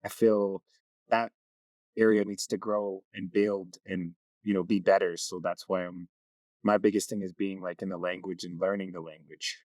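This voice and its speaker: A man's voice: low-pitched, level tone, normal speed, darkish tone, no echo. A man, a community knowledge keeper, talking easily in an interview and telling stories. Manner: easygoing storyteller. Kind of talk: casual interview talk.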